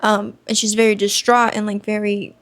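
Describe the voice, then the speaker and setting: A woman's voice: medium pitch, completely flat delivery, normal speed. A young woman chatting casually about her first impressions of a book, rambling and leaning heavily on "like" as filler. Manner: rambling, heavy use of "like" fillers. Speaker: book vlogger.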